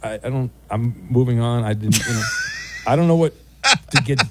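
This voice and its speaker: A man hosting a sports talk radio show from a studio, wry and bantering, with bursts of loud mock outrage. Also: mid-range voice, moderate pace, noisy background. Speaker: radio host. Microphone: studio microphone.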